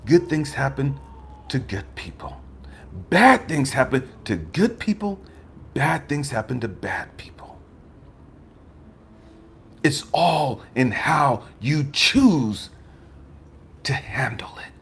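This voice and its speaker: A man voicing God as a stern but patient divine presence, speaking slowly in a hushed, partly whispered way. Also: mid-range voice, sing-song, slight background noise, voice pushed down. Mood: calm.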